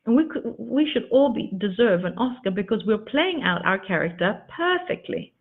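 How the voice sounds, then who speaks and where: A woman giving a motivational teaching talk as a coach, with expressive emphasis and repeated words for effect. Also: on the high side, normal speed. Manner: addresses listeners as darlings. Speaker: spiritual coach. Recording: tinny phone-like audio.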